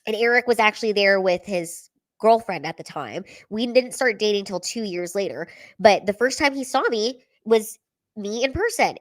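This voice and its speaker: A woman's voice: medium pitch, fairly bright tone. A woman stand-up comedian telling personal stories at home in a candid, chatty way, filling her talk with "like" and casual swearing. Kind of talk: candid storytelling livestream.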